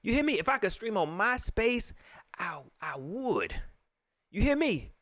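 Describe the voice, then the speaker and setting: A man ranting in casual slang about football, repeating his points with animated emphasis. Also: high-pitched, unhurried, dry recording. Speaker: sports vlogger. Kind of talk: casual sports rant.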